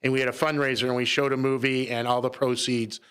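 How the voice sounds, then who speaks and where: A man's voice: mid-range voice, little pitch movement, quick pace, fairly bright tone, clear, resonant tone. A man speaking as a guest in a radio studio, earnest and explanatory, often restarting his sentences. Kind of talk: radio talk show conversation.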